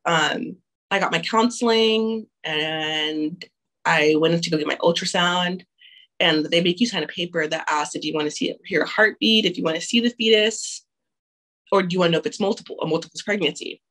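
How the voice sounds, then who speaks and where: A woman's voice: on the low side, moderate pace, fairly bright tone, rough recording. A young woman telling her own abortion story frankly and candidly, with frequent restarts and casual swearing.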